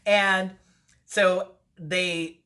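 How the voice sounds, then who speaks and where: Bright-voiced woman telling an animated story. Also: extremely slow. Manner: animated storytelling, jumps high when replaying her own words. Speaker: vlogger. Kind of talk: storytime vlog.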